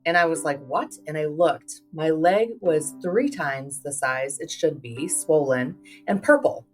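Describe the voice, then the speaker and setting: A middle-aged woman with a low-pitched voice recounts her story as a podcast guest. She slips into quoted dialogue and casual fillers as she goes. She sits a little away from the mic, and soft guitar music plays underneath. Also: unhurried. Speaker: guest, public health advocate. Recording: distant mic with faint music.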